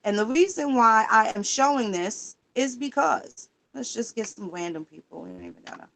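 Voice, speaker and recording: A woman's voice: on the high side, expressive, moderate pace, vocal fry, fairly bright tone, slight background noise. A woman livestreaming in casual talk, emphatic and profane, firing rhetorical questions while she searches records online. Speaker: livestream host.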